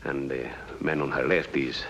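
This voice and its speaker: An actor playing a grave, formal government deputy who speaks with courteous formality, on a dull, hissy old soundtrack. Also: male voice, extremely low pitch, steady tone, moderate pace, a bit bright. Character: grave, formal second-in-command official, middle-aged man.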